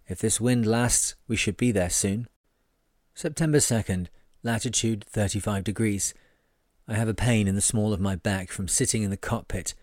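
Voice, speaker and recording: A man reading a sailing memoir aloud in a measured, wry first-person delivery. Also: lowish voice, darkish tone, no room sound, studio quality. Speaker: reader.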